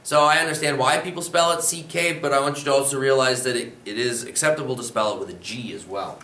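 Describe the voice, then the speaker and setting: A man teaching a slide-based language lesson, slowly and carefully modeling each phrase for learners to repeat. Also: mid-range voice, pushed and bright, recorded from a distance, slight background noise. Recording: echoey room, voice a bit off-mic.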